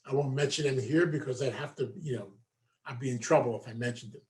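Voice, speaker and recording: A man's voice: mid-range voice, fast, a little mellow. A man, a meditation teacher, giving a folksy storytelling talk to a group, full of asides. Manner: folksy, conversational, many asides.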